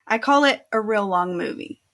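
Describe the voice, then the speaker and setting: A woman co-hosting a casual podcast in a relaxed, mid-pitched voice. She mostly chimes in with brief agreement and laughs often. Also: moderate pace. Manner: laid-back, short agreeing replies, laughs often. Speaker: podcast co-host.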